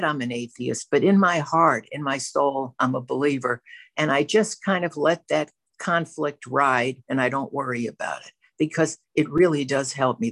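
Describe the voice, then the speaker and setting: In a deep voice with no echo, a woman speaks to a camera as a member of a twelve-step program. She tells her personal recovery story candidly and with self-reflection.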